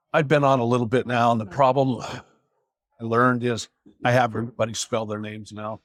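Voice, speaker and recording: Wry low-voiced man telling a story. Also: dry recording. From Seattle area. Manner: wry, animated when quoting others. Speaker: police officer telling a story. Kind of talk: casual storytelling.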